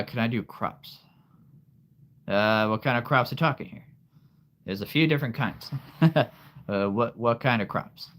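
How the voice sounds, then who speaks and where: A man's voice: medium pitch, fairly bright tone. Easygoing man chatting on a live stream. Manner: laughs often, easygoing, reads and answers chat. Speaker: livestream host. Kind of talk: casual chat with live viewers.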